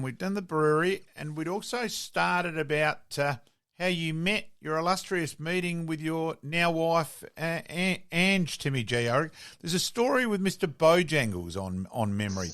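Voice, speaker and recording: A man's voice: on the high side, a bit bright. Man co-hosting a casual chat. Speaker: podcast co-host.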